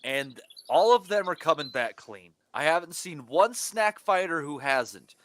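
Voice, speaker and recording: A man co-hosting a podcast, dropping teasing, quick-witted remarks in casual chat. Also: fairly high pitch, animated, a bit bright, slight background noise. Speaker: podcast co-host.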